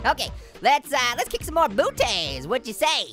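Punny cackling orange dude, high and bright, faint game music. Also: male voice, huge pitch swings, moderate pace, full character voice. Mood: playful. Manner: cackling, pun-making, jokey. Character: wisecracking male talking orange, goofy, punny. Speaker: let's play host. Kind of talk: let's play commentary.

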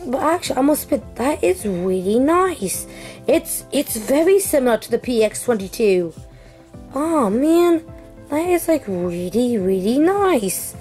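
A young woman streamer chatting casually through an unboxing, excitable and apologetic, with many fillers and restarts. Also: on the high side. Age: young adult. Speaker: gaming streamer.

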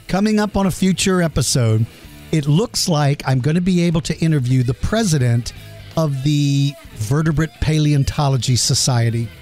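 A man's voice: medium pitch, a little mellow. A man hosting a podcast, answering listener questions in an earnest, chatty way and stopping to apologize for names he cannot pronounce. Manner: earnest and chatty, explains with simple comparisons; self-deprecating and apologetic over hard names. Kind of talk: casual podcast Q&A.

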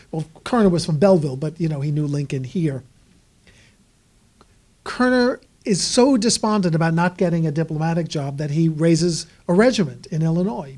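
A man's voice: on the high side, mellow. A man giving a conversational history talk, with wry asides and frequent fillers. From United States. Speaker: author and historian speaker. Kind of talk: lecture storytelling.

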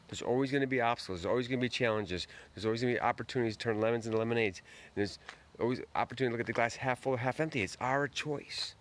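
A man's voice: fairly low pitch, slight background noise. A man hosting a late-night live stream outdoors, greeting viewers by name and giving a folksy, earnest motivational talk.

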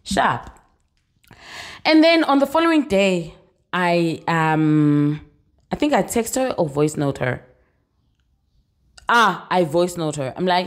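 A woman's voice: lowish voice, very animated, slow pace, long pauses. Young South African woman, vlogger, casual storytime delivery, chatty, keeps checking in with the viewer. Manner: chatty, mixes Zulu phrases into English, keeps checking in with "you understand?".

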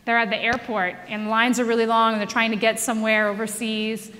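A woman giving a conversational sermon, telling a story in a lively way and laughing along as she goes. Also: fairly high pitch, a little fast, in a large hall. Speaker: speaker.

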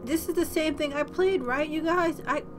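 A woman YouTuber doing let's play commentary, tipsy and frustrated, cursing freely with loud outbursts. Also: high-pitched, normal speed, over music. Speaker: gaming YouTuber.

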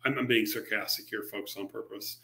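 A man presenting a software library at a virtual user group meetup, talking casually with fillers, restarts and sarcastic asides. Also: fairly low pitch, steady tone, fairly quick. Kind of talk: technical presentation on a live stream. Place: remote meetup talk over a video call.

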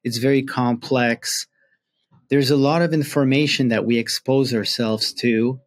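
A man's voice: medium pitch, fairly even intonation, a little slow. Earnest man musing to camera. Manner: earnest, drawn out and emphatic on key words. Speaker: self-help vlogger. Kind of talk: reflective talking-head monologue.

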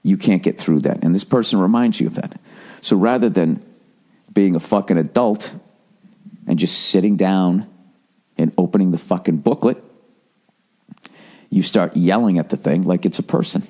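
Middle-aged American man, lowish voice, podcast host riffing in a profane, self-deprecating rant. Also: moderate pace, pauses often, mellow, husky. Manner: profane, rambling, self-mocking. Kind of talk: comedic ranting monologue.

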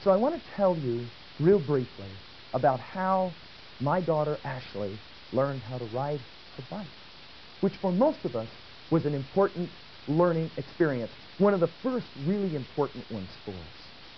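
A male lecturer tells a story to his class in a lively, swooping voice. He keeps asking the room questions. The sound is a dull old tape with a faint hiss. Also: a little high, normal speed. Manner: animated, asks the audience questions.

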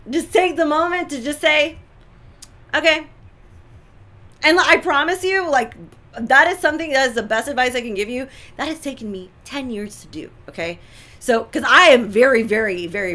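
A woman co-hosting a talk show, giving relationship advice in an animated, emphatic way with lots of repetition. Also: a little high. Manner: animated, emphatic, repeats points. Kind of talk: casual advice chat.

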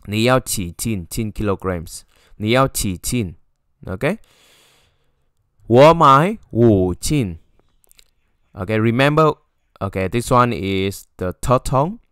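A man teaching a language lesson, stopping often to say "okay" and repeating example phrases in a louder voice. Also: lowish voice, clear, resonant tone, no echo, studio quality. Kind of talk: explaining a textbook lesson.

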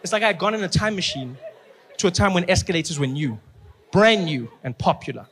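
A male stand-up comedian telling a story in an animated way and acting out the people in it. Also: high voice, a little fast, a little hiss or hum. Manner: animated, acts out characters.

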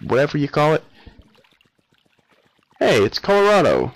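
A man's voice: fairly low pitch, very animated, a little slow, pauses often, no room sound, poor audio. A young man casually commenting on a game he is playing, offhand and sarcastic with mumbled asides. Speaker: let's play host.

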